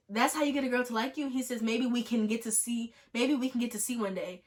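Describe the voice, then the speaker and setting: Over soft background music, a young woman tells a story for her vlog, talking fast with few pauses in a fairly high voice. She's animated and sarcastic, frequently slipping into mocking impressions of the people she quotes.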